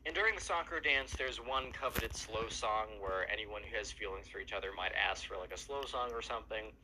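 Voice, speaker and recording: A man's voice: lowish voice, a little fast, pushed and bright, a little hiss or hum, rough recording. A man casually telling a long story while gaming, chatty and full of fillers. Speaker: storyteller and gamer. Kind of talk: casual storytelling over gameplay.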